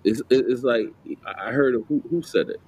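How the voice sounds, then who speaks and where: A man's voice: medium pitch, moderate pace, gravelly, darkish tone, a little hiss or hum, poor audio. A man in his late twenties from New Jersey chatting casually on a podcast, rambling with lots of fillers and restarts. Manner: rambling, many fillers and restarts, laughs a lot. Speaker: podcast co-host. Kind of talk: casual chat.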